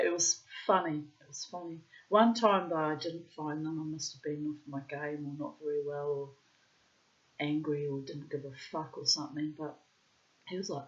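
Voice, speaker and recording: A woman with a deep voice and moderate pace shares personal stories as a vlogger, rambling frankly and cursing freely. It's a candid monologue captured in slightly dull lo-fi sound.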